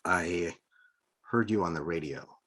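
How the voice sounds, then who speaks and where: A man's voice: sits low, a little slow, a bit bright. A man voicing a cautious Anglo man who speaks hesitantly and plainly. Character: wary young-ish Anglo man, cautious and unsure.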